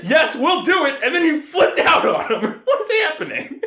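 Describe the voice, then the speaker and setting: A man hosting a podcast, chatting casually about a movie in an animated, laughing way. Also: extremely high pitch, normal speed, a loud crowd. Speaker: podcast host. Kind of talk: casual movie-review chat. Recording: echoey backup room recording.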